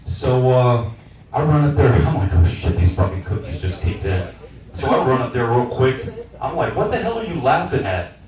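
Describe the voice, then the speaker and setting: A man in his forties doing a stand-up comedy set in a small lounge, loud, brash and crude. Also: medium pitch, a little hiss or hum. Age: 40s. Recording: echoey venue miked from a distance.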